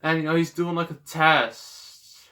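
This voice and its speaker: A man's voice: a little high, level tone, a little slow, sharp tone. A man giving a casual, rambling movie review, sarcastic, with lots of fillers.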